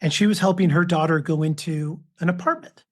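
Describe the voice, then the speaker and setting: A man's voice: on the high side, a little fast. A man in his fifties, a father and author, telling stories as a guest in a casual podcast interview. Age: 50s. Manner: anecdotal, acts out quoted voices.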